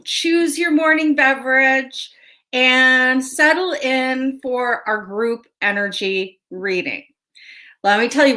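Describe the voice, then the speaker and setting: A high-voiced woman chats through a casual livestream as a tarot show host, greeting viewers one by one and laughing easily. She talks at an unhurried pace and sounds a little stuffy from a sinus cold. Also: pushed and bright. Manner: chatty, greets viewers by name, laughs often.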